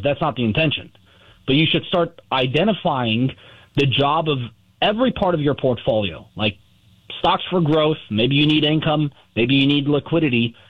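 A man's voice: a little high, husky. A man guests on a morning radio show and explains finance patiently through analogies. He often restarts a phrase before finishing it. His voice comes through a slightly muffled line. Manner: explanatory, uses analogies, hesitant starts. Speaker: gold dealer guest. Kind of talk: radio interview segment.

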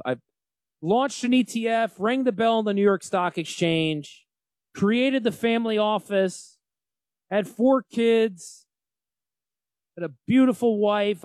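A man in his forties with a Northern US accent, hosting a radio talk show on financial planning. He talks loudly and energetically, joking and yelling into a close mic. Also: high voice, lively intonation, a little slow, dry recording. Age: 40s. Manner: loud, yelling. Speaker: financial advisor radio host. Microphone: close studio mic.

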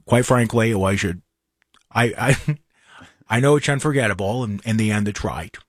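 A man from hosting a radio talk show, with an animated, exasperated manner and frequent restarts. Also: lowish voice, moderate pace.

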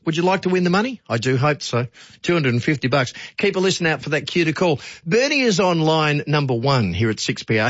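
A man's voice: on the high side, no echo, lo-fi sound. A man with an Australian accent hosting talkback radio, chatty and playful, joking with callers. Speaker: radio host.

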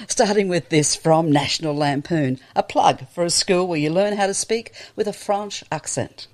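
Low-voiced lady radio host, plain intro, informative. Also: moderate pace, darkish tone.

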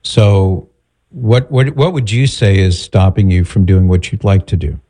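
A man hosting an advice talk, answering a caller calmly and directly. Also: sits low, unhurried. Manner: calm, direct, advising. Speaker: host giving advice.

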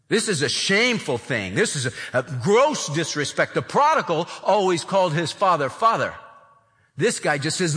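Male pastor, expository sermon, higher bright voice, animated delivery with acted-out quotes, long hall reverb. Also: normal speed.

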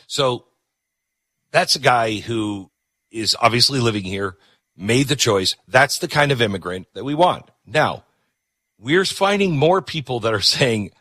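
A man hosting a show and commenting between clips in an animated way. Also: mid-range voice, no echo. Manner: animated, talks over clips. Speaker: host.

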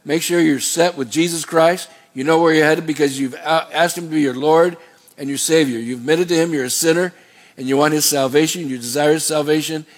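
A man's voice: on the high side, fairly even intonation, fairly quick. A middle-aged male pastor preaching a sermon in a folksy, rambling way, with asides and repeated words.

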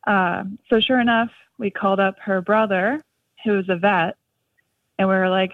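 A woman calling in to a radio show, chatty and quick to laugh. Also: medium pitch, steady tone, no echo. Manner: chatty, laughs often, many likes. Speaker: caller. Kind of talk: casual phone-in chat. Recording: tinny phone line.

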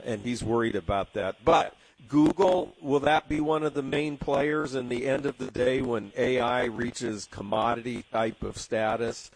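A man's voice: mid-range voice, gravelly, low-quality recording. A middle-aged man from Southern California with a local accent, hosting a radio talk show in a rambling way with lots of fillers. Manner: rambling, many fillers and restarts. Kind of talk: casual radio commentary.

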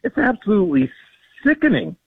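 Heard over a tinny phone line, a male policy guest on a call-in radio interview speaks in a high, husky, sing-song voice at a slightly fast pace. His tone is earnest and indignant, and he often ums and backs up to restart.

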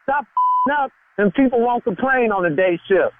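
A man on a phone call, arguing angrily and defiantly, his voice rising high, heard through a tinny phone line. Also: expressive, normal speed, very noisy. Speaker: prank call target. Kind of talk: heated phone argument.

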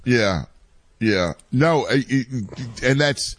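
A man's voice: mid-range voice, animated, extremely slow. A man in his forties in casual chat, talking in a rambling way with many restarts. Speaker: youth baseball coach and father, co-host.

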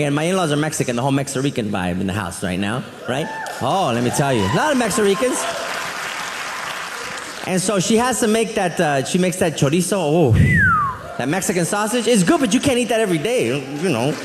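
Animated, exasperated stand-up comedian. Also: male voice, fairly high pitch, fairly quick, a crowd in the background, background noise. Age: adult. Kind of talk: live stand-up routine. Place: comedy club stage. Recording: reverberant hall, faint audience.

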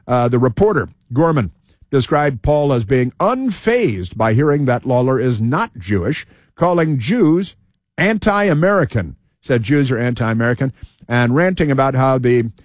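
Male commentator, sarcastic, rambling, lots of fillers, dry room, middle pitch. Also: dry recording. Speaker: political commentary host. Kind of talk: casual commentary reading news aloud.

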